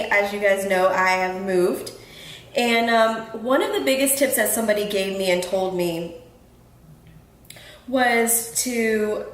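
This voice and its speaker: A woman hosts her own show from a home room in Houston, speaking earnestly but casually to her listeners. Her voice is medium-pitched, and she often says "um" and restarts her sentences. The recording is low quality, with an echoey room.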